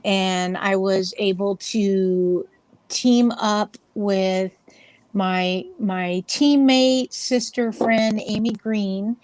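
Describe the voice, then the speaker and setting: A woman's voice: mid-range voice, steady tone, drawn-out words, a little mellow, dry recording. A woman being interviewed as a paranormal investigator, telling rambling, chatty stories and acting out the voices of the people in them. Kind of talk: casual interview storytelling.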